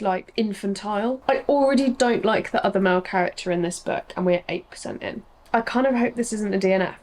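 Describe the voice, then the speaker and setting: A young woman talks her way through a reading vlog. She is chatty and quick to rant in exasperation, with lots of rhetorical questions. Her voice sits at an ordinary middle pitch. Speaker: book vlogger.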